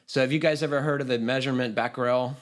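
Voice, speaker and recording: A man's voice: medium pitch, steady tone, fast. A man hosting a home-building podcast, chatting easily, laughing often and reading a listener's email aloud. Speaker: podcast host.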